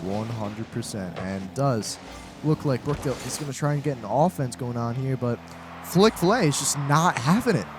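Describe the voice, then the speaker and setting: A man giving live esports play-by-play from a college studio set, excitable and tripping over his words. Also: mid-range voice, moderate pace, over music. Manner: excitable, stumbles and repeats words. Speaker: esports caster. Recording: steady background noise.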